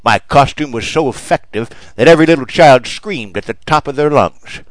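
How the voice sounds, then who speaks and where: A man's voice: medium pitch, lively intonation, normal speed, no room sound, low-quality recording. A man preaching a mock sermon in a storytelling manner.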